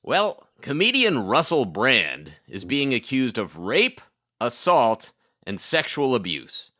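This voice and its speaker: A man co-hosting a comedy podcast, reading topical joke headlines and riffing with quick wordplay. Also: mid-range voice, wildly swooping pitch, bright, forceful tone. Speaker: podcast co-host.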